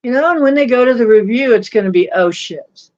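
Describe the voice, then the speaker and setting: A woman's voice: on the high side, quick pace, darkish tone. A woman hosting a casual livestream chat, scornful and mocking, laughing often. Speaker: livestream host. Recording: dull lo-fi stream audio.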